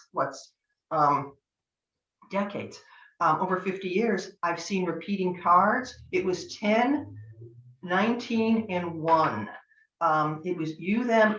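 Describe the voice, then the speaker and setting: A woman's voice: lowish voice, a bit bright, dull audio. Chatty older woman, echoey distant sound. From Northern California. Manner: chatty, anecdotal, acts out quoted dialogue. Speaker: tarot teacher. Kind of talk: online master class talk.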